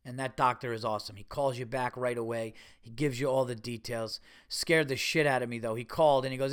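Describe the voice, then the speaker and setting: Podcast host, male, smooth clear voice, mid pitch, loose profane rambler full of fillers. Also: brisk, fairly bright tone. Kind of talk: casual solo podcast talk.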